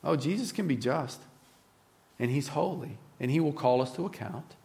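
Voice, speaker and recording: A man preaching a sermon in an earnest, reflective way, often dropping to a soft, low voice. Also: expressive, normal speed, vocal fry.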